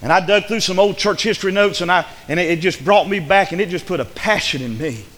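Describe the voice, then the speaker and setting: High-voiced preacher in a reverberant hall. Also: male voice, fast talker. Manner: emphatic preaching, repeats words, swings between loud and hushed. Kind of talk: sermon. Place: church.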